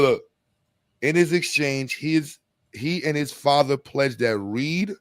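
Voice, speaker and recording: A man's voice: medium pitch, no echo, clean studio sound. A man hosting a podcast, ranting in a blunt, profane, slangy way. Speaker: podcast host. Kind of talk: heated casual rant.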